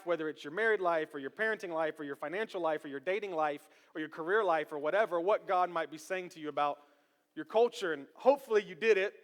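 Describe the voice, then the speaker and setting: A man in his thirties preaching a sermon as pastor, animated and joking with the congregation. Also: high voice. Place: church sanctuary. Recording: long church hall reverb.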